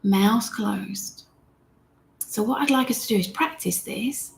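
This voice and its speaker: A woman teaching meditation in a gentle, chatty way, talking straight to her viewers and reading their comments aloud. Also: mid-range voice, takes it slowly, gravelly, a little hiss or hum. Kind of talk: live-streamed guided meditation lesson.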